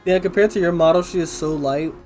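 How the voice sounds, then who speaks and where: A woman streamer giving casual, profane, excitable commentary packed with fillers while she plays. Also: on the low side, fast, soft background music.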